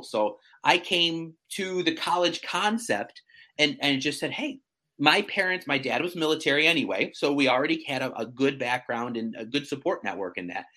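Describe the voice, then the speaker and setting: A man in his thirties chatting casually as a guest, animated and self-mocking, often stumbling over restarts. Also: mid-range voice. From central New York. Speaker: guest, real estate agent. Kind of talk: casual chat.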